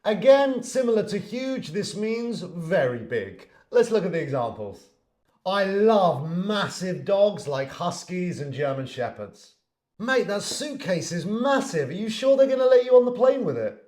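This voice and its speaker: A man's voice: high-pitched, big pitch swings, unhurried, a little mellow. A man giving a lesson, explaining words and acting out example sentences. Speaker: English teacher. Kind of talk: online language lesson. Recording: echoey room.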